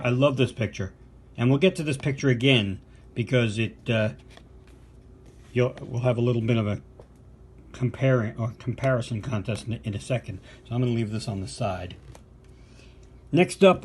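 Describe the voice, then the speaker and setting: Against slight background noise, an older American man with a mid-range, slightly mellow voice unboxes a batch of records for his podcast. A vinyl collector and co-host, he talks casually and eagerly, with plenty of fillers and side remarks.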